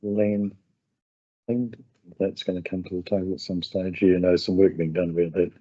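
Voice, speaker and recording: A man's voice: low voice, little pitch movement, normal speed, mellow. A man, a new community board representative, speaking hesitantly and self-deprecatingly at a council meeting. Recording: dull lo-fi meeting recording.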